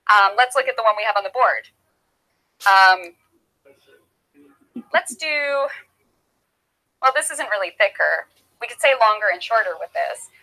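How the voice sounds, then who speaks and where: A woman explaining English grammar as a teacher, patient and clear, repeating simple examples with props. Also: fairly high pitch, pushed and bright, rough recording. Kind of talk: slow, clear classroom explanation.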